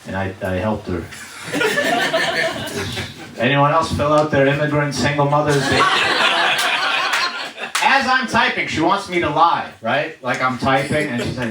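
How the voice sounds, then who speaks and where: Crude, animated stand-up comic man. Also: a little high, unhurried, long pauses. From Uzbekistan. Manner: crude, animated storytelling with many asides. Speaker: stand-up comedian. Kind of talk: stand-up comedy set. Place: comedy stage before a live audience. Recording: echoey venue from far off, loud noise.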